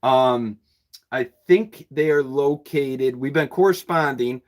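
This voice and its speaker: A man's voice: mid-range voice, takes it slowly. Rambling, chatty bookseller man. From New York State. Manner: rambling, repeats words, chuckles often. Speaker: bookseller and channel host. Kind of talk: casual livestream chat with viewers. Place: his bookshop.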